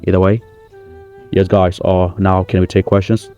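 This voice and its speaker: Guy doing a cocky wrestling star bragging, low mellow voice. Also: little pitch movement, moderate pace, clear, resonant tone, faint music behind, lightly acted. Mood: boastful. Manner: cocky, rambling, self-praising. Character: boastful male wrestling-star impression holding a press conference. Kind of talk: comedy sketch.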